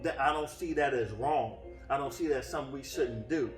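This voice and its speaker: A man with a medium-pitched voice preaches a teaching sermon fairly quickly and earnestly, often restarting phrases and using fillers. He's heard from a distance off-mic in a roomy, echoing space, with faint music behind him.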